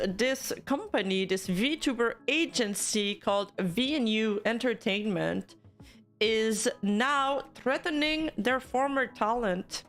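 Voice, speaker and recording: A woman VTuber streamer talking to her chat live, heated and swearing as she rants. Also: on the high side. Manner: heated, swearing, talks fast in bursts. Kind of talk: live stream commentary rant.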